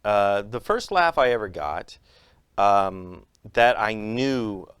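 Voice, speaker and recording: A man's voice: on the low side, slow pace, clean tone, no room sound, studio quality. A man, a comedian and magician, telling stories in an interview and acting out the voices of the people in them. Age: adult with a young son. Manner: lively storyteller acting out quotes in raised voices. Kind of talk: animated interview storytelling.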